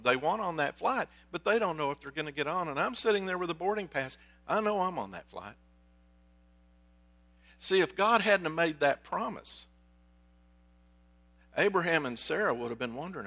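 A male pastor delivers a sermon in a relaxed, storytelling way, turning often to ask his listeners questions. His voice sits a little high and sounds bright and forward. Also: normal speed. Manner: conversational storytelling, asks the congregation questions.

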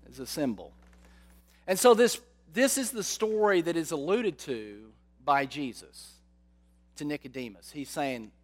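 A man preaching a sermon, slow and dramatic, often asking his listeners rhetorical questions. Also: fairly high pitch, big pitch swings.

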